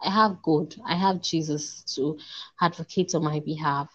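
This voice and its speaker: A woman, a podcast guest giving an earnest personal testimony, often repeating herself and slowing to a hush. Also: low-pitched, steady tone, husky, lo-fi sound. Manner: earnest, repeats herself, slows and drops to a hush when recalling prayers. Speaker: interview guest.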